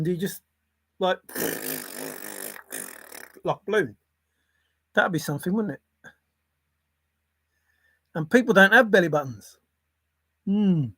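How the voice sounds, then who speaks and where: A man's voice: high voice, expressive, slow, pauses often, a bit bright, husky, no room sound. A man, musing aloud on his own in a playful, rambling way, jumping between silly word associations.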